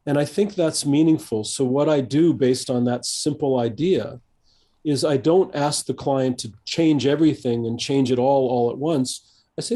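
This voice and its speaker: In this conversational interview, the guest is a seasoned coach, an older American man whose mid-range voice sounds warm and mellow. He thinks aloud reflectively, pausing on fillers and often beginning sentences again.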